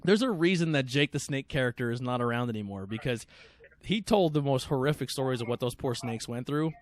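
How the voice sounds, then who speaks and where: Profane rambling podcast host. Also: male voice, mid-range voice, lively intonation, brisk. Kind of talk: casual chat.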